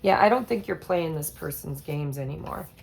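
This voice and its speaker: A woman doing a casual tarot reading, slow and relaxed, with soft laughs and trailing pauses. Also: low voice, gravelly. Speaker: tarot reader.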